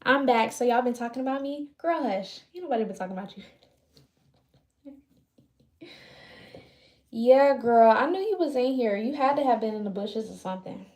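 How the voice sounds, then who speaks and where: A woman's voice: fairly high pitch, lively intonation, moderate pace, long pauses, darkish tone. A woman livestreaming, chatting casually with her viewers while she braids her hair. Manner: loose, chatty, talks to viewers. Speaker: livestream host. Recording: roomy echo.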